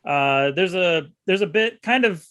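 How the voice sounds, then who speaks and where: A man with a voice a touch higher than most recaps a film for a podcast, slow and unhurried. He stops often with ums and uhs. The sound is close and dry, with no room around it. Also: expressive, fairly bright tone, dry recording. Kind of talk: casual movie recap chat.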